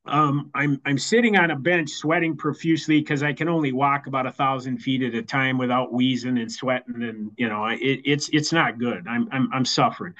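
Man, mid-pitch, sharing his recovery story over a slightly muffled video call, stop-start delivery. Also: steady tone, fairly bright tone. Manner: halting, repeats words while finding them. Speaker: keynote speaker at a recovery meeting. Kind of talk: personal recovery share. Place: online meeting.

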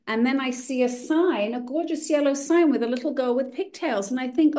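A woman's voice: sits high, a little fast, warm tone. Woman, recovery-meeting speaker, candid, dry self-deprecating humor. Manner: candid, wry and self-mocking. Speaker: speaker sharing a recovery story. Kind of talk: personal testimony at a recovery meeting.

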